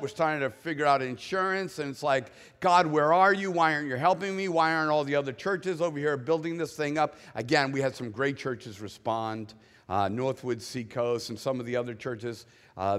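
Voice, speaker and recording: A man's voice: medium pitch, fairly bright tone. A middle-aged male pastor preaching a sermon, candid and self-deprecating, telling a personal story with mocking quoted voices. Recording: long reverb of a large hall.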